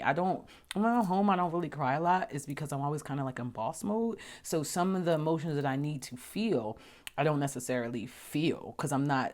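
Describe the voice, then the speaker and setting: A woman hosting a casual, heartfelt vlog. She talks emphatically, restarts and repeats words, and often drops into a hushed whisper. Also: extremely low pitch. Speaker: vlog host.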